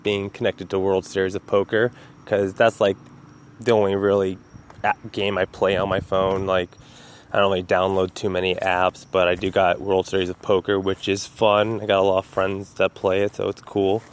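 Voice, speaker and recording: A man's voice: deep voice, monotone, normal speed. A man hosting a casual solo podcast from home, telling rambling stories, swearing freely and laughing at them. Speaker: podcast host.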